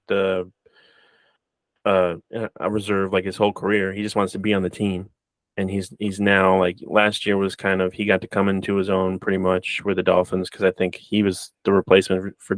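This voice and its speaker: A man's voice: deep voice, no echo. A man co-hosting a casual sports podcast, loose and joking, talking with plenty of fillers. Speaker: podcast co-host.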